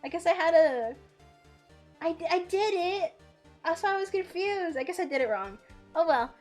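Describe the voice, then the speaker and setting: A woman's voice: very high voice, lively intonation, moderate pace, darkish tone, faint music behind. A young woman streamer chatting casually and giggling while playing a game. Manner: giggly, chatty, self-correcting. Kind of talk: casual gameplay commentary.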